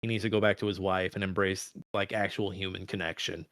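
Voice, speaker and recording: Casual movie podcast dude, cusses constantly, gets worked up, dry mic. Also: male voice, low voice, fast, no room sound. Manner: profane, excitable, rambling. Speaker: podcast co-host. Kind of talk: casual film discussion.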